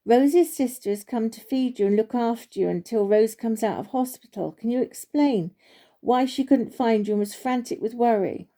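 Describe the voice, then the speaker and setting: A woman's voice: on the high side, normal speed, lightly acted. A woman voicing a wise, kind old male oak tree who speaks kindly but firmly. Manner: kind but firm, gently scolding.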